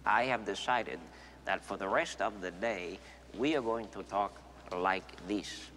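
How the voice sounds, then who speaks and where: An actor playing a man drilling speech exercises, overenunciating each word. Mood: instructive. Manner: deliberate, overenunciated, lively pitch. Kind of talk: film dialogue. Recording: roomy hall with faint noise.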